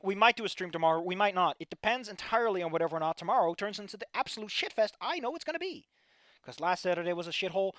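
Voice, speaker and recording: Worn-out, swearing streamer with a lively voice. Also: medium pitch, dry recording, clean studio sound. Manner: weary, profane, ranting. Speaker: streamer reviewing fan fiction. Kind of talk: casual livestream commentary.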